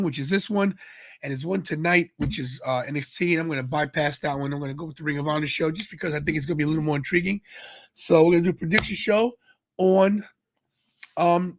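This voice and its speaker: A man with a fairly high voice talks in a loose, rambling way, greeting viewers in the chat as he goes. He sounds tired and sleepy, chatting casually as host of his live stream. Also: a bit bright. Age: adult with kids. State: tired, yawning. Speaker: podcast host.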